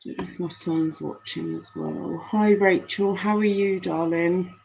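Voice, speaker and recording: A grieving, tearful woman chatting with viewers on a live stream from home, halting with many pauses and fillers, on a laptop mic. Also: fairly low pitch, steady tone, gravelly, darkish tone, a little hiss or hum, rough recording.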